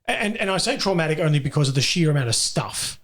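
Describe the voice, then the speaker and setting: A man's voice: on the high side, expressive, quick pace, a bit bright. A young man, a priest chatting casually, jokey and prone to repeating words. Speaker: priest and cathedral administrator. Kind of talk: casual chat.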